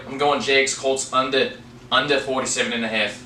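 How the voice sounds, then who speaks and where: Joking man, bright voice, echoey room. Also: mid-range voice, fairly even intonation, fairly quick. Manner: joking, playful banter. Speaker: podcast co-host. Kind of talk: casual sports betting chat. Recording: echoey room, distant mic, faint hiss.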